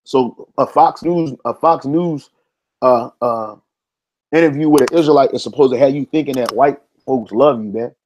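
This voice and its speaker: A man's voice: mid-range voice, moderate pace, a little mellow, slight background noise. A man preaching informally, reading an article aloud and arguing back at it, with street-casual talk full of "man". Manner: stops to reread passages and argue back. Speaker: religious commentator.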